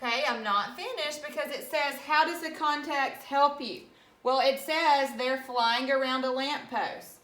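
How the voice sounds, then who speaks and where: Woman teacher, fairly high and clear, unhurried and patient, spells words out letter by letter; echoey room. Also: fairly bright tone. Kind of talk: recorded classroom reading lesson.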